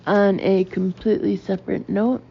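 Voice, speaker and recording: A woman narrating a comic memoir audiobook in a dry, deadpan way. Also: medium pitch, normal speed, vocal fry, husky, highs cut off.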